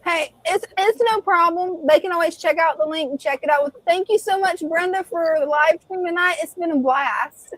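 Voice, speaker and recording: A woman's voice: very high voice, normal speed, a bit bright, dry recording, rough recording. A woman co-hosting a casual live stream chat, laughing often.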